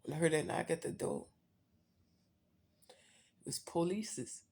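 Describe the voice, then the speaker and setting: A woman's voice: low voice, expressive, unhurried, creaky, darkish tone. A woman vlogger telling a personal story in a blunt, profane, candid way, talking straight to her viewers.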